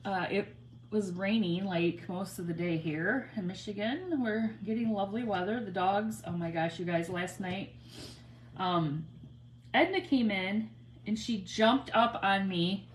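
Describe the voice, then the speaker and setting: A woman's voice: medium pitch, a little hiss or hum. A middle-aged woman hosting a casual crafting livestream, chatting in a rambling way and greeting viewers by name. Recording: roomy home recording with faint ambience.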